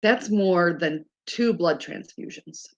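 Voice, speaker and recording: Speaking slowly in a lowish voice, a woman in her fifties shares exasperated stories with a live audience in a chatty, informal way. The high frequencies are cut off.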